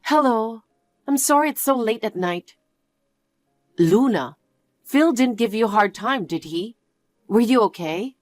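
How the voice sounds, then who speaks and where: A woman playing a gentle, apologetic mother. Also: fairly high pitch, lively intonation, a little slow, long pauses. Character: caring middle-aged mother, calm and apologetic.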